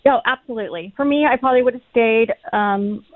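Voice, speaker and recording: A middle-aged woman telling stories as a podcast guest in an animated, casual way, cursing freely. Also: on the high side, a little fast, no echo. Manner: animated, swears freely, acts out her own past lines. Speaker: podcast guest, reality TV cast member. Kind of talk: casual storytelling chat. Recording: tinny phone-like line, dry.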